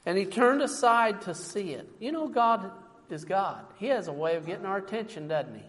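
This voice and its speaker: A man's voice: high-pitched, sing-song, moderate pace. A man preaching a sermon in a church, emphatic and fond of rhetorical questions, calling his listeners folks. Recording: long reverb from a large hall.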